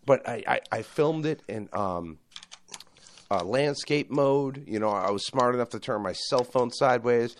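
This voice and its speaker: A man hosting a podcast, chatting loosely and excitably, swearing often. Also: medium pitch, unhurried, a little hiss or hum. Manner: animated, excitable, swears a lot. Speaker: podcast host. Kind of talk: casual profane podcast banter.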